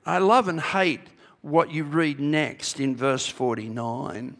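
Male preacher, raised voice with a rough edge, unhurried emphatic sermon delivery; reverberant church hall. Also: on the high side, steady tone, a bit bright. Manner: emphatic, rhetorical questions, repeats key phrases. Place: church sanctuary.

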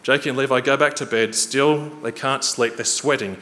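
A man preaching a sermon in a church hall, earnest and storytelling, slowing and quickening for emphasis. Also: mid-range voice, fairly even intonation, pushed and bright. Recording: reverberant hall, faint noise.

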